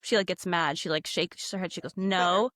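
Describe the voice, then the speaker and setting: Guesting on a podcast, a woman casually tells a ghost story in a brisk, low-leaning voice, animatedly acting out quotes and saying "like" a lot. The recording is clean studio sound with no room echo.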